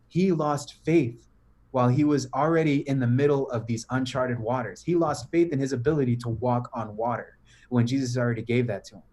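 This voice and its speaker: Male podcast guest, mid-pitched, slangy storyteller. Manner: slangy, animated, says "bro" and "right?" often. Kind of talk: casual storytelling pep talk.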